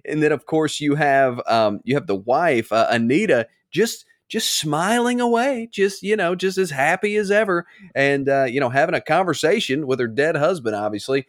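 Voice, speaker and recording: A man's voice: medium pitch, normal speed, few pauses, dry recording, studio quality. A man co-hosting a casual podcast, talking loosely with many fillers. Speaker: podcast co-host.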